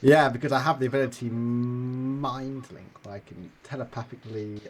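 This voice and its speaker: A man's voice: medium pitch, moderate pace, rough recording. A young man playing in a tabletop game, chatting casually and laughing often. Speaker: player.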